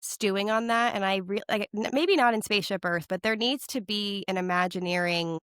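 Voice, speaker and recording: A woman's stuffy, nasal voice from being sick carries through a relaxed podcast chat. She rambles, dropping "like" everywhere and doubling back on herself. The sound is close and dry, with no room at all. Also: mid-range voice, a little fast, smooth, no room sound. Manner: rambling, full of "like" and restarts. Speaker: podcast co-host. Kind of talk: casual chat.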